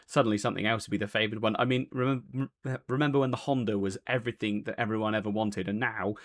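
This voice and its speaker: A man's voice: on the low side, steady tone, fast. A man hosting a post-race interview, talking in a chatty, rambling way with lots of fillers and self-corrections. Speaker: race broadcast host.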